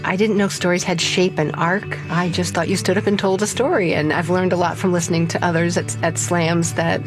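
An older woman, a self-taught storyteller, telling a personal story with lively, self-mocking humor and frequent laughs. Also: on the low side, a little fast, music in the background. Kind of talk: personal story told live.

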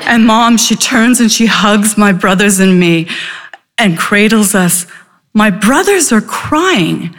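A woman telling a personal story live, animated, with dramatic pacing and vivid pauses. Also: mid-range voice.

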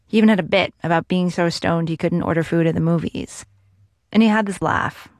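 A woman radio reporter narrating a documentary story in a measured, storytelling way. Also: lowish voice, steady tone, no echo, clean studio sound. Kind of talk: scripted narration.

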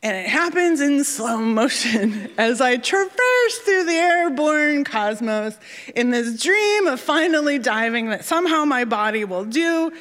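A woman with a fairly high voice tells a personal story on stage, animated and self-deprecating. She acts out the people in it as she goes, and every line trails off into the long echo of a large hall. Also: measured pace.

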